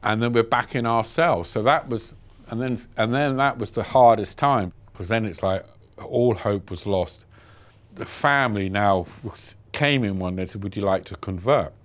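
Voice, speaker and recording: A British man, a journalist, telling his own story in an interview with vivid, animated storytelling. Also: fairly low pitch, normal speed. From Britain. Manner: vivid storyteller, acts out dialogue. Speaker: journalist recounting captivity. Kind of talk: first-person interview account.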